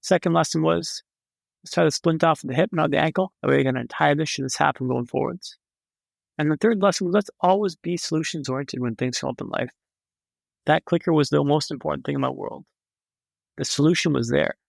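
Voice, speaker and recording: A young man tells his story in a raised, gravelly voice that keeps sliding into vocal fry. He is a vivid, dramatic storyteller with a wry sense of humor. The sound is close and dry, with no room around it. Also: fairly high pitch, a little fast, dry recording. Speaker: podcast guest. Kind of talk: storytelling in a conversation.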